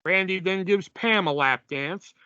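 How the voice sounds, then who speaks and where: A man's voice: sits high, measured pace, pushed and bright, clear, resonant tone, dry recording, highs cut off. A man co-hosting a podcast, casually recapping a film with lots of fillers and laughs. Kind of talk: casual chat.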